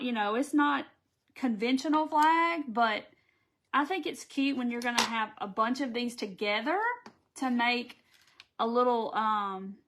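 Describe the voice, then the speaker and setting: A woman from the American South with a Southern accent, talking through a craft project on a live stream. Her voice sits a little high, and she keeps up a friendly stream of chat, reading viewer comments aloud as she goes. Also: fairly bright tone. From Southern United States. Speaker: craft tutorial host.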